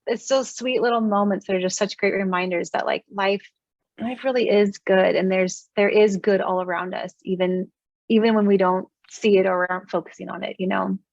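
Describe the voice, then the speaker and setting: A woman's voice: mid-range voice, fairly even intonation, normal speed, vocal fry, a little mellow, dry recording. A woman in her thirties, a guest author on a podcast, talking in an earnest storytelling way with many fillers. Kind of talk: casual interview chat. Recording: dull, dry sound.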